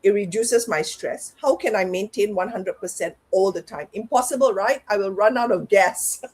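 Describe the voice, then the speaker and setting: A middle-aged woman with a slightly husky, breathy voice speaks as a guest coach. She talks in a candid, reflective way, often voicing her own inner self-talk aloud. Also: mid-range voice, moderate pace, a little mellow. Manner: reflective, talks herself through things aloud. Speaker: guest, parenting and life coach. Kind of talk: candid conversational interview.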